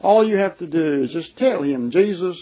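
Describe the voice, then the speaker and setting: A man preaching a sermon, slow and emphatic, asking his listeners questions. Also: a little high, lively intonation. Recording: dull, lo-fi recording.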